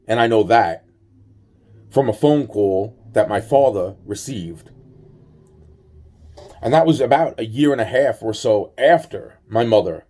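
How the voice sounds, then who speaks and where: A man's voice: fairly low pitch, warm tone. A man telling a personal story in a rambling, profane way, full of restarts and acted-out dialogue. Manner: acts out both sides of conversations.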